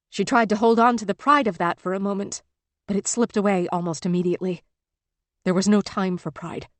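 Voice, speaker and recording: A woman narrating an audiobook in a measured, tense storytelling manner. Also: medium pitch, dry recording. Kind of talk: scripted narration.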